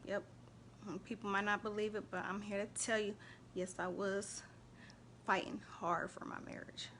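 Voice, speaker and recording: A chatty woman, talking casually to her live-stream viewers. Her voice sits at a middle pitch, lively and warm in tone. A faint hum of background noise sits behind her. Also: moderate pace. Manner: animated, chatty, shouts out viewers and laughs often. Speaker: host of a faith and relationship live stream.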